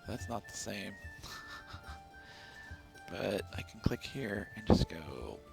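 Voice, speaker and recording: Low gravelly man chatting over gameplay. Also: sing-song, slow pace, low-quality recording. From central United States. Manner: chatty, rambling, talks to himself while playing. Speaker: streamer. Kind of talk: casual gameplay commentary. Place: home, streaming. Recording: stream with background music.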